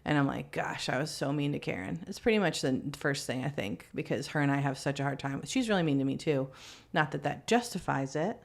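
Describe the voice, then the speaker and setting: A woman's voice: fairly quick, vocal fry. A woman in her thirties, a guest and mother of three, talking candidly and animatedly in a podcast conversation and poking fun at herself. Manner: animated, candid, self-mocking storyteller with big pitch swings.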